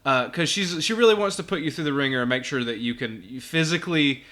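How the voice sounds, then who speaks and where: A man, a podcast guest, telling a casual anecdote with animated delivery, acting out voices and laughing often. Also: on the high side, fast talker. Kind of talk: casual storytelling.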